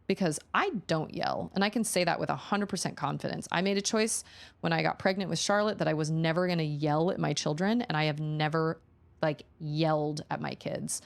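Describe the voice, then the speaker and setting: A woman streamer talking casually with her viewers in a low, gravelly voice. She tells stories in a chatty way and acts out the lines she quotes. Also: animated, normal speed. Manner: chatty storyteller acting out quotes.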